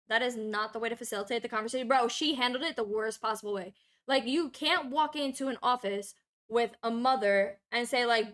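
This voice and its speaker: A young adult woman streamer telling a long personal story in casual, profane, animated chat. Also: mid-range voice.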